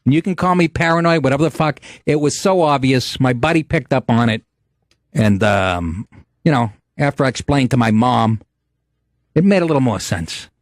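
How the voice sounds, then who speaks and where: A man's voice: mid-range voice, animated, moderate pace, dry recording, studio quality. A man hosting a podcast, ranting in a profane, blustering way. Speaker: podcast host. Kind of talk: casual ranting talk show.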